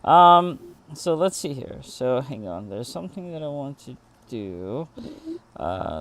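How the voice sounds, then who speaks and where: A man hosts a casual livestream interview and phrases his questions hesitantly, with fillers and restarts. His voice has an average male pitch. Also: very animated, unhurried, very noisy. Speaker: interview host.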